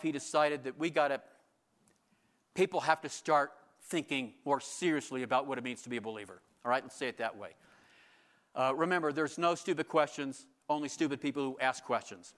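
A man's voice: a little high, a bit bright. Earnest man preaching a sermon. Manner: earnest, emphatic preaching with rhetorical questions. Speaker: pastor.

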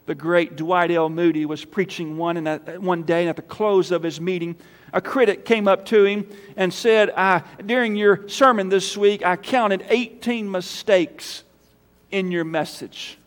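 A man preaching a sermon as pastor, emphatic, swinging between loud calls and quiet appeals. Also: high-pitched, fairly even intonation, unhurried. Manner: emphatic, rising to loud calls then dropping soft for prayer. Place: church sanctuary. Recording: church hall reverb.

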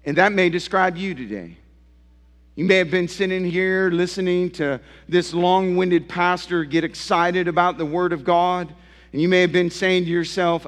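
Pastor, male, high voice, passionate pulpit delivery, long church reverb. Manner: impassioned preaching with rising and falling emphasis. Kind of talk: sermon. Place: church sanctuary.

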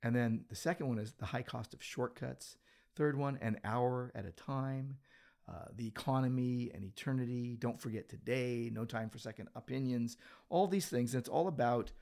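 A man's voice: medium pitch, darkish tone. A man, a pastor co-hosting a church podcast, talking in a loose, rambling way with many restarts, recorded in an office. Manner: rambling, with frequent restarts and filler. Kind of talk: casual chat. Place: office full of books.

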